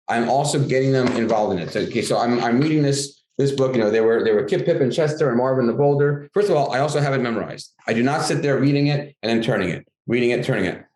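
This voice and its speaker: A middle-aged man talks fast as a guest author, energetic and lively, jumping into a higher voice when he acts out his own classroom lines. His voice carries a roomy echo, and the pitch sits at an ordinary middle. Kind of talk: casual interview talk.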